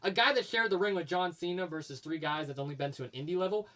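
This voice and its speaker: A man's voice: sits high, fast, bright, forceful tone, far from the mic. A man co-hosting a casual podcast, easygoing and chatty with lots of fillers. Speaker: co-host. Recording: voice a bit off the mic.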